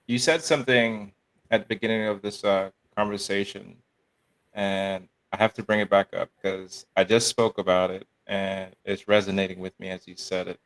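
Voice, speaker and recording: A man's voice: fairly low pitch, flat delivery, moderate pace. A man hosting an interview, responding thoughtfully and sharing his own reflections. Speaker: podcast host. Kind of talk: interview conversation.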